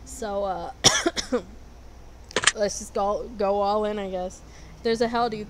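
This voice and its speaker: A woman's voice: medium pitch, steady tone, normal speed, pauses often. A young adult woman vlogging in a casual, blunt way, sarcastic and swearing constantly while she answers quiz questions. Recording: noisy background.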